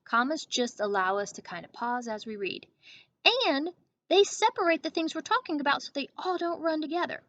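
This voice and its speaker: A woman teacher giving a grammar lesson to young children, speaking slowly and clearly and checking in with "okay?". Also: high voice, expressive, bright, forceful tone, dry recording. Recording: dull lo-fi recording.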